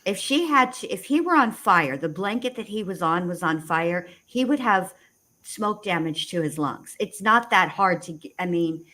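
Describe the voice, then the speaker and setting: A woman co-hosting a casual livestream, talking in rushed restarts with sarcastic asides. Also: lowish voice, lively intonation, pushed and bright. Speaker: co-host.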